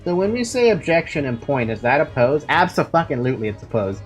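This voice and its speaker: A streamer giving casual let's-play commentary, with giggly, animated asides. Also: mid-range voice, brisk, soft background music.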